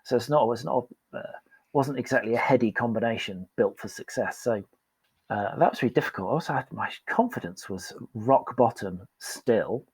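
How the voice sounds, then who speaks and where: A man's voice: mid-range voice, normal speed, a little mellow, husky, no room sound. A man, a podcast guest speaking frankly and with self-deprecating humour about his past work. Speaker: podcast guest, performance coach. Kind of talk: candid storytelling in conversation.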